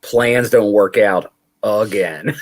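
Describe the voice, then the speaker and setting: A man's voice: on the low side, slow pace. A man co-hosting a casual podcast review, chatty and acting out quoted lines. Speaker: podcast co-host. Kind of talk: casual chat.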